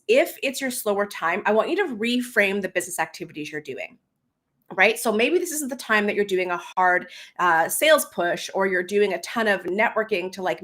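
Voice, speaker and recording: A woman's voice: mid-range voice, a bit bright. A woman hosts a casual live stream as a business coach, chatting with lots of laughter and fillers and reading comments aloud.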